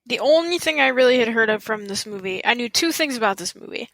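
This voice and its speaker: Bright-voiced woman in casual podcast chat. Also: on the high side, lively intonation, fast talker, gravelly, dry recording, low-quality recording. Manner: hesitant, restarts her thoughts, giggly. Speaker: podcast co-host. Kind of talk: casual chat about a film.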